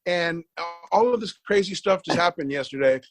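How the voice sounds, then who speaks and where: A middle-aged man, a podcast guest, telling a long story in a casual interview, acting out the dialogue and repeating words when excited. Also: high voice, fairly quick, dry recording.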